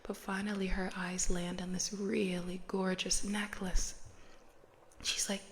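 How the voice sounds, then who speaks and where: A woman's voice: mid-range voice, level tone, takes it slowly, slight background noise. A woman hosting a podcast who retells a story in a chatty, slangy, casual way and laughs often. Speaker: podcast host.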